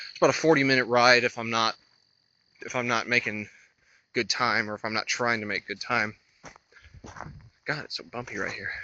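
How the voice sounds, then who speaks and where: A man in his twenties from North Carolina with a slight lisp, talking to the camera while he walks outdoors, halting and hesitant, thinking aloud. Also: mid-range voice, pushed and bright, lo-fi sound. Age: 20s. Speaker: vlogger. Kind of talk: rambling walk-and-talk vlog. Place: outdoors on a roadside walk.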